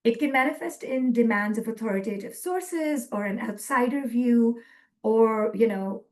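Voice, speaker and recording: A woman presenting a webinar lecture from slides, earnest and measured, with frequent ums. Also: fairly high pitch.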